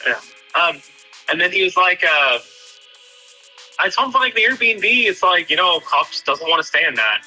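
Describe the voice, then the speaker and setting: A man with a very bright, slightly raised voice talks casually, hesitant and full of fillers. Quiet music plays in the background. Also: high-pitched, very animated, normal speed, long pauses, rough recording. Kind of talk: casual chat.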